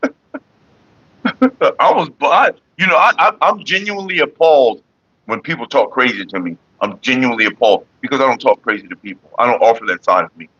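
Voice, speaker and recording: A middle-aged man chats bluntly and profanely with his livestream viewers. His voice is bright and forceful, and it sits in a dry, close-sounding space. The recording is a little dull and lo-fi. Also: mid-range voice, expressive, normal speed, husky, no echo. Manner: blunt and profane, talks straight to chat. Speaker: livestream host. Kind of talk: casual livestream chat with viewers.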